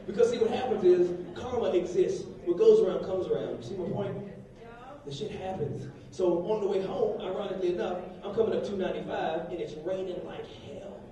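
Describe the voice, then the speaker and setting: A man's voice: sits high, a little fast, warm tone, recorded from a distance. A man doing a brash, profane stand-up set on a comedy club stage, baiting the crowd. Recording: echoey live club, mic heard from afar, crowd laughter.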